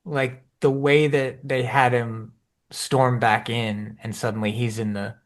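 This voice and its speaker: A man co-hosting a podcast in casual chat, animated, jumping up in pitch when he acts out his own reactions. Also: unhurried. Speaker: podcast co-host.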